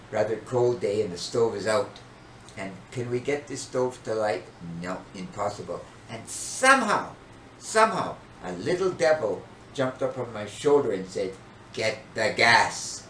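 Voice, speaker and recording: An older man and podcast co-host, telling a story in casual chat with an animated, dramatic manner. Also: mid-range voice, normal speed. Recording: echoey room, distant mic, faint noise.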